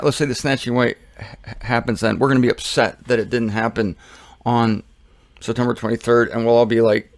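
Gravelly man teaching the Bible. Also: medium pitch, no echo. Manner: rambling and joking, often trailing off and restarting. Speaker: Bible teacher and show host. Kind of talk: casual Bible teaching monologue.

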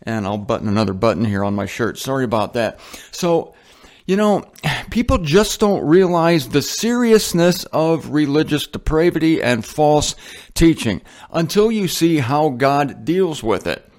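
A male Bible teacher gives a conversational monologue with a somewhat high voice. He drifts into side remarks, then drags out key words for dramatic weight. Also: big pitch swings, a little mellow. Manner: conversational, rambling asides, dramatic slow emphasis. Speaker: host of a Bible teaching show. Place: indoors, a guest home. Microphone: headphones on, talking into a mic.

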